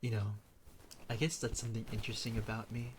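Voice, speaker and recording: A man's voice: lowish voice, level tone, quick pace. Chatty young man streaming over noise. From Philippines. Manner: chatty, thinks aloud with many fillers. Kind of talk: casual chat with live chat.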